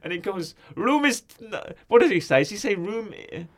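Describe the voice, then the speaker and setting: A man's voice: high-pitched, fairly quick. A man casually chatting as a podcast co-host, laughing often and acting out film quotes. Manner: laughs often, acts out quotes in a put-on accent. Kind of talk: casual chat, retelling film scenes.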